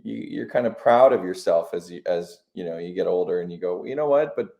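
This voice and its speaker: A man in his thirties from the United States, a musician guest, talking in a relaxed, reflective way and laughing easily. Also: low-pitched, brisk, vocal fry. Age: 30s. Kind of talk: casual chat.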